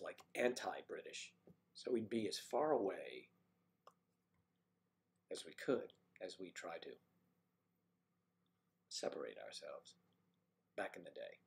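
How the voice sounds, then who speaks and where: A man with a mid-Atlantic American accent hosts a loose livestream chat. His voice sits low and has a gravelly edge. He rambles easily and playfully tries on other accents. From mid-Atlantic United States. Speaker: livestream host.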